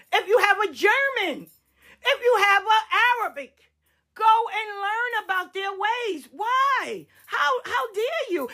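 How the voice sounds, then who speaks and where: A woman speaking as a spiritual practitioner on a live stream, heated, profane and confrontational, swinging between shouts and low, pointed asides.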